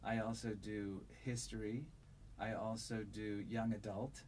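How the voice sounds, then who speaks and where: A man who narrates audiobooks, answering interview questions in a relaxed, thoughtful way with a resonant voice and frequent fillers. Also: on the low side, measured pace, slight background noise. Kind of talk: conversational interview.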